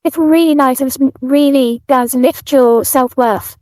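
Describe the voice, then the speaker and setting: High-voiced British woman, soft and unhurried. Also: no echo. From United Kingdom. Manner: soft-spoken, many fillers and restarts. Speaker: guest streamer. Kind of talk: casual interview chat.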